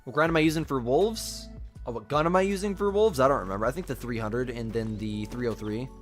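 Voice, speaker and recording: A man's voice: mid-range voice, quick pace, faint music behind. Casual male game streamer, coughing. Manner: casual, reads and answers chat aloud. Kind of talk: live gameplay commentary.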